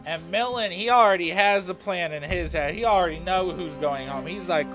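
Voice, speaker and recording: A man's voice: high voice, moderate pace, few pauses, music in the background. A young man casually narrating a story in slang, with swearing. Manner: slangy, profane, laid-back.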